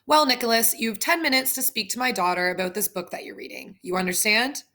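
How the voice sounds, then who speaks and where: A woman's voice: fairly high pitch, lively intonation, brisk, pushed and bright. A woman voicing a stern, suspicious father who interrogates a boy in clipped questions.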